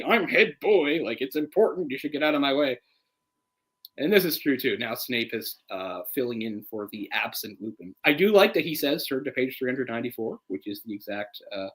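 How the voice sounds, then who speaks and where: A man co-hosting a casual live movie commentary, chatty and opinionated, getting heated and animated as he picks apart the adaptation. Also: medium pitch, poor audio. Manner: opinionated, gets heated and animated when ranting; chatty, full of "like" and restarts. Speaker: film commentary co-host.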